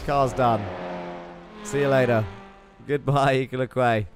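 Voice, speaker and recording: A man's voice: mid-range voice, moderate pace. Chatty man commentating a sim race. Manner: chatty, excitable, reads out viewer chat. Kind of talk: live sim racing commentary. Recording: game car engine noise underneath. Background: racing car engine noise.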